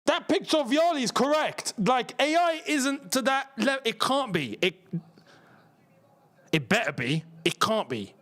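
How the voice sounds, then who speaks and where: A young man hosting a football watchalong stream, talking in a casual, disbelieving way, repeating himself and dropping to a mutter. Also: measured pace. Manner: incredulous, repeats himself, swings between excited and muttering low. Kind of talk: casual live-stream chat.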